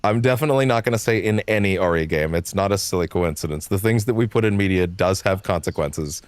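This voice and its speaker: Low-voiced rambling male game streamer. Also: quick pace, no room sound. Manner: rambling, filler-heavy, swears and laughs often. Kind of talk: casual live gameplay commentary.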